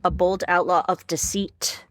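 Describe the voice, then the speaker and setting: A woman's voice: on the low side, little pitch movement, unhurried, a bit bright, dry recording. A woman filling in as guest co-host on a podcast, speaking playfully and laughing often. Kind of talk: casual podcast chat.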